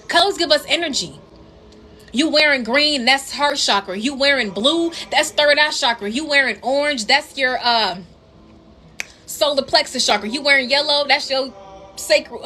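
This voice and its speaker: Young woman, bright higher voice, casual tarot reader, repeats her points, faint room hiss. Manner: chatty, repeats herself, addresses viewers as queens. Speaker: tarot reader and spiritual coach. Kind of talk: casual tarot reading monologue to viewers.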